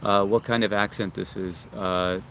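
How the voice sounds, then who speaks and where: A man from Long Island, hosting a casual livestream outdoors in the sun, reading viewer comments and greeting them by name in a relaxed, friendly way. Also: fairly low pitch, normal speed, a little hiss or hum. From Long Island, New York. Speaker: livestream host.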